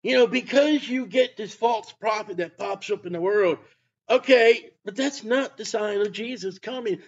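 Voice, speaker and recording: A man preaching a sermon, emphatic, with bursts of loud delivery. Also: sits high, moderate pace. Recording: dull lo-fi sound.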